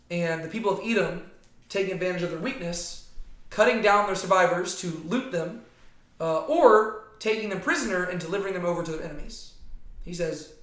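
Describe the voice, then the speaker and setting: A man teaching a casual Bible study to a small group, talking conversationally and often checking in with "right?". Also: high-pitched. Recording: echoey room.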